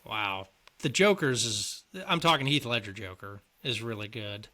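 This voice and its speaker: A man's voice: lowish voice, moderate pace, pushed and bright. A man co-hosting a casual podcast who leads the conversation with questions about movies and sports. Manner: quizzing, leading the questions. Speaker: podcast co-host.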